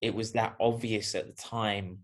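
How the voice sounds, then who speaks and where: Male podcast guest, fairly low voice, thoughtful and meandering. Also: level tone, unhurried. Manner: reflective, rambling, many fillers. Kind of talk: casual podcast chat.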